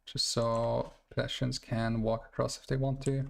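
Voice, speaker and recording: A man talks through his city-building game in a loose, rambling way, often correcting himself mid-sentence. His voice sits at an ordinary pitch with a gravelly edge. It sounds like a home stream on a desk mic. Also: flat delivery, normal speed. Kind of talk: casual gameplay commentary.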